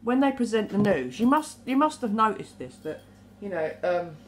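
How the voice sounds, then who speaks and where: A woman talking to camera in a rambling, animated monologue, swearing now and then. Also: mid-range voice, moderate pace, a little hiss or hum. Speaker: vlogger.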